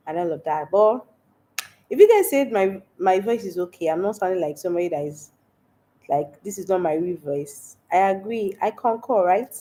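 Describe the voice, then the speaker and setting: A woman's voice: lowish voice, dark tone. Stuffy-voiced Nigerian woman chatting live. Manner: chatty, laughs often. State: stuffy voice from a cold. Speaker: livestream host. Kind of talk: casual livestream chat reading comments.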